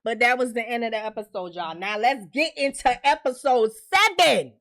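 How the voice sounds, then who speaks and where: A woman's voice: fairly high pitch, normal speed. A woman casually recapping a TV episode in AAVE slang, acting out the characters' lines as she goes. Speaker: TV recap host.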